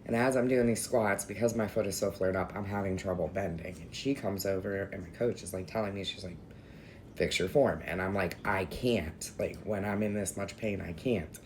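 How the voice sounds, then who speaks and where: A woman's voice: a bass voice, fairly even intonation, a little fast, few pauses, slight background noise. A young adult woman telling a story in a casual vlog, candid and emotional, venting with some swearing. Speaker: vlogger.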